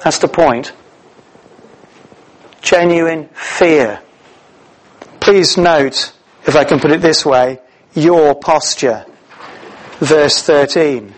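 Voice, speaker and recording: A middle-aged man preaching a sermon, telling the story in a lively way with many "uh"s and restarts. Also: on the high side, drawn-out words, long pauses, rough recording. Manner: animated storytelling with many fillers.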